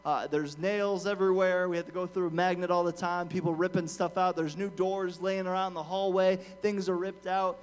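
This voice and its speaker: A man preaching a sermon as a pastor in a church, telling a story quietly and then building to forceful, earnest preaching with frequent restarts. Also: high-pitched, little pitch movement, moderate pace, hardly any pauses. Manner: frequent restarts and "amen" asides. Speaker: guest pastor.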